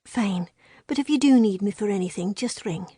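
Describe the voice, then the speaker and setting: A woman's voice: mid-range voice, animated, normal speed, dark tone, breathy edge, no room sound. A woman voicing a motherly Scottish medic. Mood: gentle. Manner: motherly, soothing.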